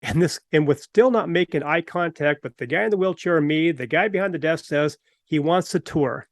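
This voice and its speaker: A man's voice: a little high, fairly quick, dry recording, clean studio sound. Man telling a story on his podcast. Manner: animated anecdotal storytelling. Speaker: podcast host.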